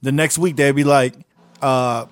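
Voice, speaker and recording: A man's voice: medium pitch, fairly even intonation, measured pace, clear, resonant tone, dry recording. A man hosting a podcast, chatting loosely, laughing and swearing as he tells stories. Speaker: podcast host. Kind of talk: casual chat.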